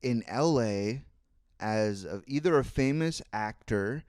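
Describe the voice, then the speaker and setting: A man's voice: medium pitch, lively intonation, slow pace, a little mellow, no echo. Solo podcast host, man in his twenties: casual rambling monologue, clean resonant tone, dry booth sound. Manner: rambling, thinking aloud, swears freely. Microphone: studio microphone.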